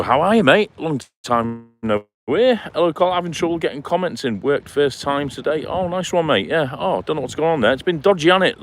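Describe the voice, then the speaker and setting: A man's voice: on the high side, a bit bright, a little hiss or hum. A man live-streaming on a clifftop walk by the sea, chatting casually and reading out viewers' comments by name. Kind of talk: casual live-stream chat while walking. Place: outdoors on a seaside clifftop walk.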